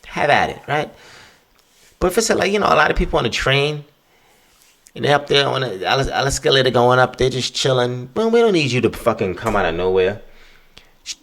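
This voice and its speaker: A man's voice: medium pitch, fairly quick, long pauses. A man hosting his own podcast, ranting casually and profanely. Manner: profane, rambling, animated. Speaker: podcast host. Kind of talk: casual solo rant.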